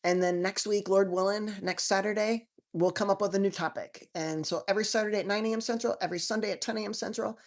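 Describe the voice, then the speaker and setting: A woman's voice: mid-range voice, steady tone, fast talker, few pauses. A woman doctor hosting a live question-and-answer stream, talking to viewers in a chatty, folksy way with homey slang and frequent restarts.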